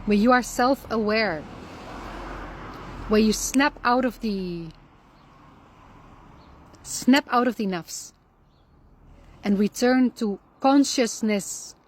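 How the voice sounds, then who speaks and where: A woman with a fairly high voice gives reflective spiritual advice to her listeners. She speaks calmly and earnestly, often repeating a key phrase to drive the point home. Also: takes it slowly, pauses often. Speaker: Islamic lifestyle speaker.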